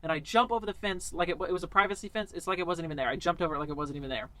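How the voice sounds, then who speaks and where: Bright, high-voiced young man telling a story. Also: very fast, no echo. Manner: animated, lots of fillers and quoted dialogue. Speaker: vlogger. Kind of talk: casual storytelling.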